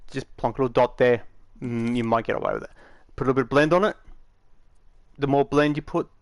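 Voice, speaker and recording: A man's voice: mid-range voice, steady tone, quick pace, no echo. A man giving a casual, rambling tutorial, matter-of-fact and full of fillers, recorded dry on a close mic. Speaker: game tutorial maker.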